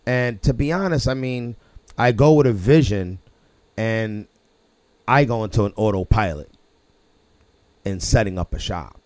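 A man's voice: lowish voice, measured pace, long pauses, a little mellow, no room sound. A man hosting a casual podcast chat, rambling with many restarts and chuckles. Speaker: podcast host.

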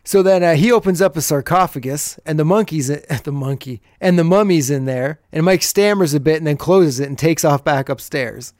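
A man's voice: fairly high pitch, normal speed, hardly any pauses, a little mellow, no echo, clean studio sound. A man hosting a podcast, casually recapping an old TV episode and chuckling as he retells the scenes.

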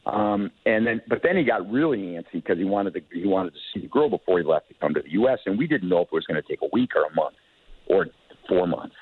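A man's voice: sits low, lively intonation, fast, slightly rough, no room sound. An older man, a hockey executive, telling long rambling anecdotes as an interview guest, with many restarts and chuckles. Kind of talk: casual storytelling. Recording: tinny phone line, dry.

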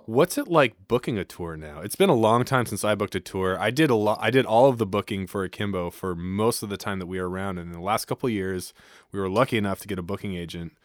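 A man's voice: fairly low pitch, animated, fast, no echo, clean studio sound. A man hosting a casual podcast, asking questions and joking around. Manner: joking interviewer. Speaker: podcast host, former band booker.

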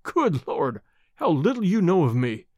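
A man's voice: fairly high pitch, huge pitch swings, measured pace, darkish tone, no room sound, clean studio sound, heavily acted. A man reading a story aloud, voicing a bold, defiant young man who protects the woman he loves.

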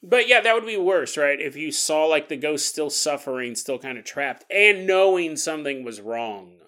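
A man's voice: a little high, expressive, moderate pace, pushed and bright. A man hosting a podcast, telling ghost stories casually with playful, jokey asides. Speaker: podcast host. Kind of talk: casual paranormal storytelling.

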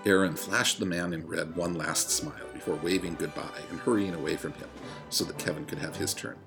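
A man reading a chapter of a story aloud in steady storytelling narration. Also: low voice, brisk, creaky, music in the background. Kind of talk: audiobook reading.

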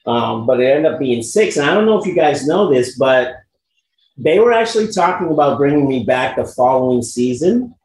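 A man's voice: medium pitch, moderate pace. A man, an actor, casually telling stories about a past role with frequent fillers. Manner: relaxed, frequent fillers, lively when quoting himself. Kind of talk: casual anecdotal storytelling. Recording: roomy with faint background noise.

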